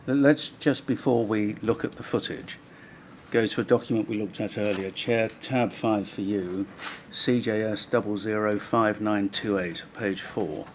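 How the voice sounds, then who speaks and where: Brief: low-voiced male barrister, formal, pressing questions, faint room hiss. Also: steady tone. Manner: measured, probing, pressing follow-up questions. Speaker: inquiry counsel questioning a witness. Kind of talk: formal cross-examination. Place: public inquiry hearing room.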